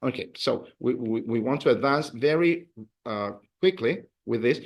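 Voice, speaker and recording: Animated male language teacher. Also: mid-range voice, normal speed. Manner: animated, drills students with counts and praise. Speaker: Spanish teacher. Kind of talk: classroom language lesson.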